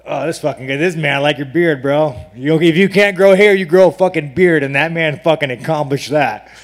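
A man's voice: a little high, a little fast. A man, a professional fighter, giving unfiltered, profane, rambling answers and mocking reporters at a media day. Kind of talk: unfiltered press conference answers. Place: crowded media day press room.

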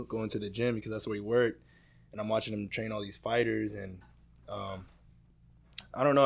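Low-voiced young man, hesitant and easygoing. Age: young adult. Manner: easygoing, hesitant, many ums. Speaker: boxer, guest. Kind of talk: casual interview answers.

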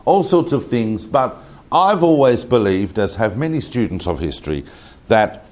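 A man giving an informal history lecture, telling the story in an animated, conversational way with asides to his listeners. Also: mid-range voice, normal speed. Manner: conversational, with frequent fillers and repetitions.

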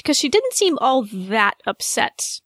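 A woman's voice: high voice, sing-song, measured pace, a bit bright, no room sound, studio quality. A woman co-hosting a podcast in casual chat, thoughtful and careful, hedging as she talks. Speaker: podcast co-host.

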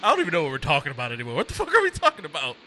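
Talking very fast in a fairly high voice, this podcast co-host tells animated stories in casual chat, voicing both sides and laughing a lot. There's a little hiss or hum in the audio.

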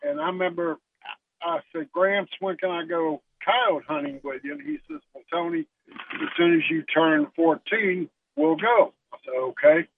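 A man's voice: a little high, sing-song, normal speed, vocal fry, background noise. A man from West Texas with a Texan accent, calling in and telling a story in a folksy way with many fillers. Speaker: caller. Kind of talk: casual storytelling on a radio show. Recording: tinny phone line.

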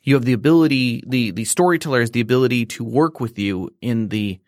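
A man's voice: mid-range voice, fast talker, no echo, studio quality. Rambling man explaining game rules. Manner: rambling, many fillers and restarts. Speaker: podcast co-host explaining a game system. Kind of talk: casual chat.

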